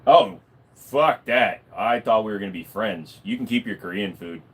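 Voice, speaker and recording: Man, livestreamer, casual chat, lively up-and-down pitch, swears a lot. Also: moderate pace, slight background noise. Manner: animated, swearing, rambling with fillers. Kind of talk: casual live-stream chat.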